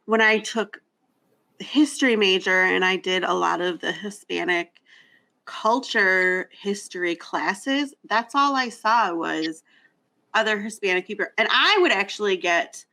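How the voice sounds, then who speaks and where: A woman's voice: medium pitch, slow, bright, forceful tone, low-quality recording. A woman hosting a casual discussion, talking candidly and reflectively and often restarting her thoughts. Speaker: host.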